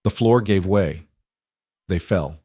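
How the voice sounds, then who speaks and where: A man narrates a fantasy story in a steady, scripted read. His voice sits low and sounds dry, close to the mic with no room around it. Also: takes it slowly, dry recording.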